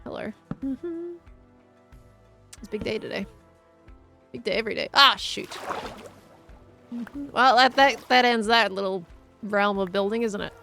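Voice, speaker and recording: A woman's voice: a little high, a little slow, gravelly, long pauses, pushed and bright, soft background music. A woman chatting casually on a gameplay livestream, reading viewer messages aloud and answering them as she plays. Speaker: streamer.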